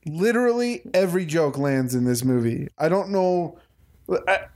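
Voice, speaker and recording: A man co-hosting a casual podcast chat, talking slowly about a film. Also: a little high, lively intonation, darkish tone. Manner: slow, drawn-out delivery. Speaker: podcast co-host.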